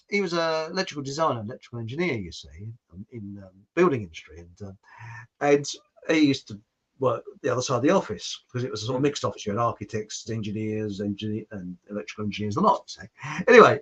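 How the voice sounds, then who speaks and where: A man's voice: mid-range voice, lively intonation, fast talker, a bit bright, husky, highs cut off. An English man hosting a casual podcast chat, telling rambling anecdotes and laughing often. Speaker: podcast host.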